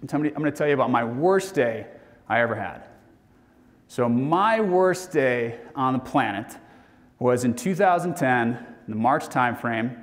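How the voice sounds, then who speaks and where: A man in his forties giving a personal, earnest keynote talk. He moves between hushed, quiet moments and energetic bursts. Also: medium pitch, normal speed. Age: 40s. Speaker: motivational keynote speaker. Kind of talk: personal storytelling speech. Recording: reverberant hall sound.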